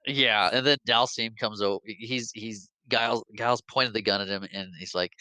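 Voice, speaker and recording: A man casually recapping a movie scene by scene, quoting the characters in quick, animated bits and laughing along. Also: on the low side, no echo, low-quality recording. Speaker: podcast host.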